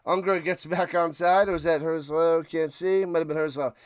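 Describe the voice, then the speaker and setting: A chatty man calls a football game for his livestream watch party, joking along and jumping up in excitement on the big plays. His voice sits high and sounds smooth and clear. It is dry and close to the mic, with no room sound. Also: moderate pace, dry recording. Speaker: livestream play-by-play host. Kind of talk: casual play-by-play watch party commentary.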